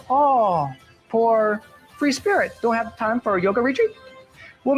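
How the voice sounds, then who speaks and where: A man with a high voice for his sex talks as a performance coach, quick and playful, firing off rhetorical questions. Faint music plays low behind his speech. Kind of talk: motivational talk.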